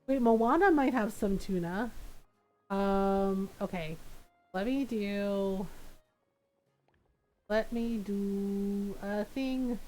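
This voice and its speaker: A woman's voice: mid-range voice, a little mellow, slight background noise, low-quality recording. A young woman streaming a game, chatting casually, rambling as she thinks aloud and laughing often. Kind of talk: casual gameplay chat.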